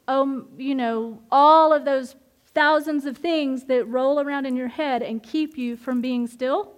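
Middle-aged woman, fairly high pitch; informal devotional teacher, candid and animated. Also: unhurried. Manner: animated and candid, with frequent laughs and restarts. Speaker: women's Bible study leader.

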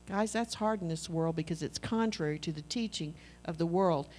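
A middle-aged woman preaches a sermon in an animated, conversational style, acting out little dialogues with her husband. Her voice is lowish and she speaks at a normal speed.

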